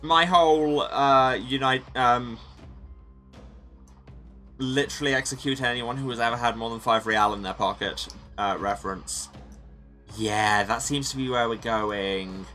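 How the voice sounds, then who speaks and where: A man with a bright, forceful voice hosts a let's play of a story game. He reads the narration and then muses aloud on his choices with wry humor, over faint music. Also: mid-range voice, a little slow. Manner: wry, musing commentary. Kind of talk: reading game text and commenting.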